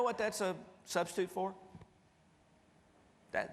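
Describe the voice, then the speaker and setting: Male motivational speaker, animated folksy storyteller, onstage in a big reverberant hall. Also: medium pitch, fairly quick. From East Tennessee. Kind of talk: storytelling keynote speech. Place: large conference hall stage.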